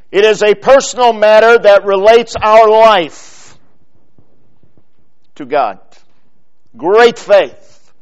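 Male preacher, high voice, deliberate emphatic sermon delivery, muffled lo-fi sound. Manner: slow and deliberate, stressing single words, trailing off low at phrase ends; quotes scripture in old-fashioned phrasing. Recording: dull lo-fi recording.

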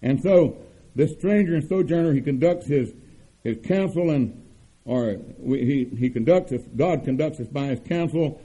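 Husky older man preaching a sermon. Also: fairly high pitch, warm tone, poor audio. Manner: earnest preaching cadence, emphatic repetitions, drawn-out stresses. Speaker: pastor.

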